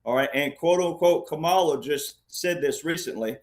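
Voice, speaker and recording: Insistent rambling man, slightly high voice. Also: normal speed. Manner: rambling, insistent, often says "all right". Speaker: panel guest. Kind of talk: conversational political commentary.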